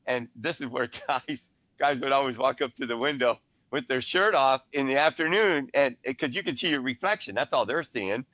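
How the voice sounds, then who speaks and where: An older man co-hosting a podcast, telling prison anecdotes in a relaxed, rambling chat. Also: mid-range voice, moderate pace, few pauses, no room sound. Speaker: podcast co-host. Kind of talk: casual storytelling chat.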